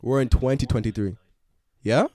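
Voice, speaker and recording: A man's voice: medium pitch, fairly even intonation, moderate pace, darkish tone, no room sound. A young man in his twenties with an Irish accent, hosting a podcast in a rambling, slangy way. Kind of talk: casual chat.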